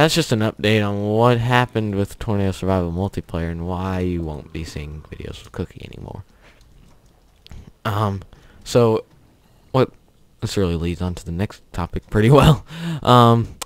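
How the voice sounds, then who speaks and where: A man's voice: fairly low pitch, smooth, dry recording. A young man hosting a gaming channel, telling a story in a rambling, offhand way with chuckles while he plays. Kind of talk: casual commentary over gameplay.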